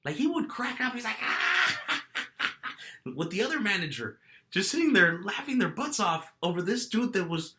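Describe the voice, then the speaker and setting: A man's voice: high-pitched, sing-song, brisk, pushed and bright. A middle-aged man vlogging, telling a story casually and animatedly, acting out quotes and restarting his phrases.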